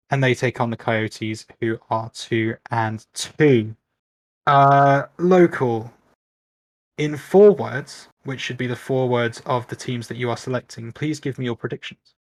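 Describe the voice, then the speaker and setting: Man, British accent, stream host, upbeat, chatty, middle pitch. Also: no room sound. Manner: upbeat, chatty, self-mocking. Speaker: league host and caster. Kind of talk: casual esports stream talk.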